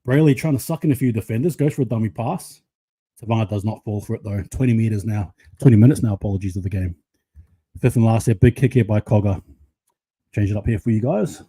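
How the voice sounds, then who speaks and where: A live reaction commentator runs through a rugby league match for his channel's audience, excitable and chatty in a casual play-by-play style. He talks fast in a slightly rough voice on the low side.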